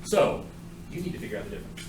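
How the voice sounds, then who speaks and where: Racing through a math lecture, a man keeps things jokey and quizzes the class constantly. Noise and faint ambience fill the echoey classroom.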